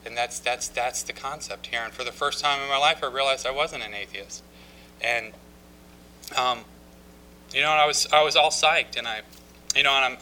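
A man with a very bright, sharp-edged voice tells his recovery story to a group. He speaks haltingly, often restarting his sentences, and mocks himself with wry humor along the way. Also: medium pitch, a little hiss or hum, poor audio. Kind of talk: personal testimony talk.

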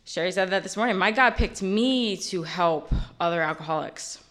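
A woman's voice: lowish voice, normal speed, a bit bright. A woman in her late twenties giving a candid, rambling personal testimony at a recovery meeting, full of fillers. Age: late 20s.

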